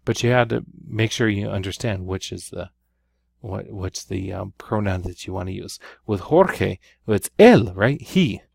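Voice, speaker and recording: A low, gravelly-voiced male teacher talks through a Spanish grammar lesson at an unhurried pace. He explains each step patiently and keeps checking in with his listeners. The recording is close and dry. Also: animated, a little mellow, dry recording.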